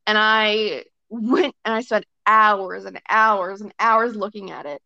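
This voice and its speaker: A woman's voice: medium pitch, steady tone, slow pace, creaky, pushed and bright, no echo. A young woman guesting on a podcast, chatting casually with lots of fillers and short acted-out quotes. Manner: chatty, filler-heavy, often acts out quotes. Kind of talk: casual chat. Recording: dry, slightly dull sound.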